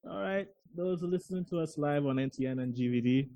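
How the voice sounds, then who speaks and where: A man's voice: fairly high pitch, warm tone, dry recording, low-quality recording. A man co-hosting a live evening gala, bantering playfully and now and then putting on an announcer voice. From Saint Lucia. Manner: playful, teasing, shifts into a drawn-out announcer voice. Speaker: event co-host.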